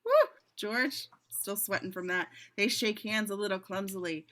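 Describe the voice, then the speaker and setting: A woman with a bright, clear voice reads the stage directions of a screenplay in a loose, casual way. She drops little jokes and asides between the lines. She sounds like she is on a home mic in a video-call reading. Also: mid-range voice, fairly even intonation, moderate pace. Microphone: home computer mic on video call.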